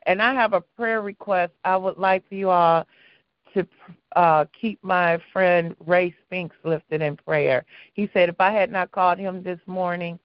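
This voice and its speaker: A woman's voice: on the low side, fairly even intonation, a little slow, no room sound, lo-fi sound. A woman calling in to a prayer line, telling stories earnestly and often repeating her words. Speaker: caller. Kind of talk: call-in prayer request.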